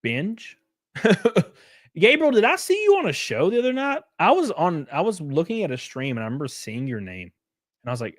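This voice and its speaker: A man's voice: medium pitch, sing-song, brisk, no echo, clean studio sound. A man hosting a casual livestream, reading chat and news aloud with sarcastic, swearing reactions, sounding worn out and short of breath. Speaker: streamer host.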